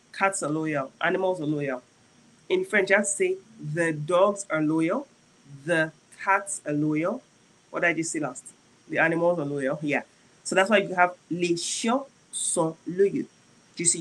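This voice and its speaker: Teacher voice for a live lesson: chatty, checks in with viewers, slows for example sentences, faint background noise. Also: mid-range voice, a bit bright, low-quality recording. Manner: slows down to spell out French sentences. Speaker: French teacher. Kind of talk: live-streamed language lesson.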